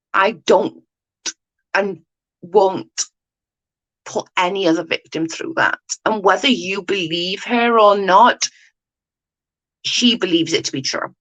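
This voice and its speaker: Poor audio carries a mid-range, fairly bright female voice. A YouTube commentator, she rambles through casual livestream chat and viewer comments, correcting herself and regularly checking in with "do you know what I mean."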